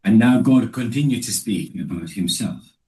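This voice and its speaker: A man giving a Bible teaching talk, halting and restarting often, and reading scripture slowly and deliberately. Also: fairly low pitch, animated, mellow, distant mic, low-quality recording. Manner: halting, with many restarts and fillers. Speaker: preacher.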